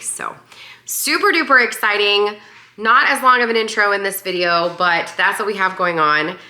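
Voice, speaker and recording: Raspy, hoarse woman vlogging. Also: sharp tone. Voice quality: deep, raspy voice. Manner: chatty, upbeat, many fillers. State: hoarse, voice partly lost. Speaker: lifestyle vlogger. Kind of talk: casual vlog chat.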